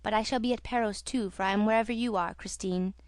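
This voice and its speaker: A possessive, jealous male spirit speaks from hiding, read by a woman in a storybook telling. Cold and quiet, with a dry close recording. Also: medium pitch, fairly even intonation, fast talker, smooth, no echo, close to an everyday voice. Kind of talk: audiobook reading.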